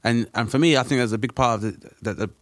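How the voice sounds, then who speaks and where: A man's voice: mid-range voice, fast, no room sound. A man in casual podcast chat, talking in a hesitant, reflective way with many restarts.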